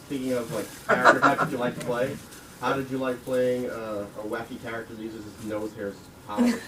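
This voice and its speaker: A man's voice: medium pitch, brisk. A man in the audience asking a rambling question. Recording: echoey room, distant and noisy.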